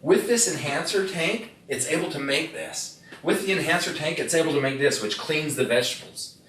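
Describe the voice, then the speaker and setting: A man's fairly high, fairly bright voice moves at a moderate pace as he demonstrates a product live, weaving in folksy stories and questions for the crowd. The setting is an indoor room with an audience; the sound is echoey, from a distant mic, with faint noise.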